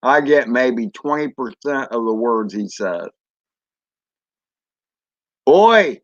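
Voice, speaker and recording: A man's voice: mid-range voice, measured pace, dull audio. A man chatting casually on a drone hobby live stream, rambling and answering viewers as he goes. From Florida. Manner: rambling, chatty, reads chat aloud.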